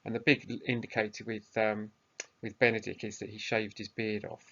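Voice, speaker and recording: A male teacher talks through a recorded lesson, setting tasks in a plain, sometimes hesitant way. His voice is bright and forward. The sound is muffled and lo-fi. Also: lowish voice, little pitch movement, normal speed.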